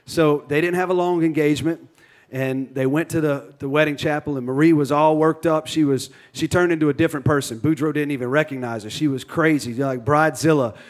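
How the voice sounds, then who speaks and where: A guest preacher in his thirties with a Louisiana accent tells stories through a folksy, joking sermon full of restarts. His voice is fairly high, steady in tone and brisk.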